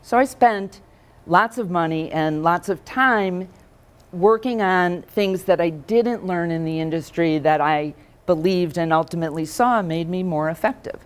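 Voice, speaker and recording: Lively woman giving a conversational talk. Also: on the low side, measured pace, clean tone. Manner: conversational, asks the audience questions. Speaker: speaker for financial advisors. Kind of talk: keynote talk with stories. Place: conference room with audience.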